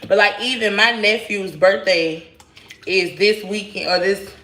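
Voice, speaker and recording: A woman's voice: mid-range voice, fairly even intonation, measured pace, sharp tone. A woman in her thirties chatting candidly with viewers in casual slang while she cooks in her home kitchen. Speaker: vlogger. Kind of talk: casual storytime chat while cooking. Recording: echoey kitchen.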